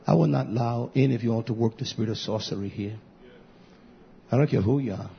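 A man preaching a sermon to his congregation, repeating phrases and building to loud, high emphatic peaks. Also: quick pace, gravelly, a little hiss or hum. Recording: dull lo-fi recording.

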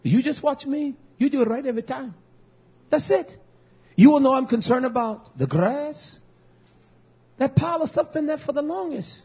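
A man preaching as a pastor, lively and storytelling, acting out conversations with people from his congregation. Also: extremely high pitch, moderate pace, pauses often. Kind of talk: sermon. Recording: dull lo-fi recording.

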